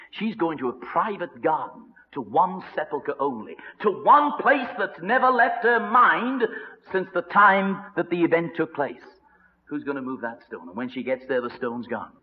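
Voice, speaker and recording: Man preaching a dramatic story sermon, loud then hushed, dull muffled old recording. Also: on the high side. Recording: reverberant hall, dull lo-fi sound.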